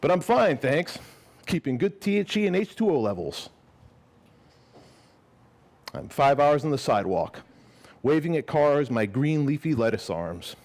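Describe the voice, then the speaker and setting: Brief: man reads his own short story live, lively swooping delivery, loose and profane between passages. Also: mid-range voice. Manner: lively and expressive, casual and swearing when speaking off the page. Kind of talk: live reading of fiction, then casual explanation. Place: gallery event before a live audience.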